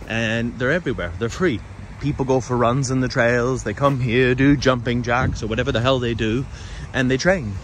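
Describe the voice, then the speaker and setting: Chatty man vlogging outdoors. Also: fairly low pitch. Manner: chatty, loose, swears casually. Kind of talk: casual walking tour narration. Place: outdoors on forest trails by a city. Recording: outdoor background noise.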